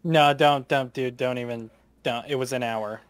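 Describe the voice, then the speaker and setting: A man's voice: medium pitch, fairly even intonation, moderate pace, very noisy. A young man chatting on a voice call, telling a story with laughs and swearing, acting out what others said. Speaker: gaming streamer on a voice call. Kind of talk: casual storytelling chat. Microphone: headset or desk mic on a voice call.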